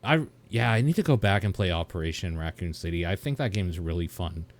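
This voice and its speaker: A man's voice: sits low, expressive, fast. A man giving rambling, casual commentary while reacting to a video, laughing now and then. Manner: chatty, rambling, laughs often.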